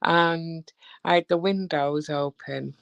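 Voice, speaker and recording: A woman chatting as a guest on a live stream, telling animated stories and acting out the voices in them. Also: low voice, slow, gravelly, no echo. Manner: animated storyteller who acts out voices. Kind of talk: casual chat.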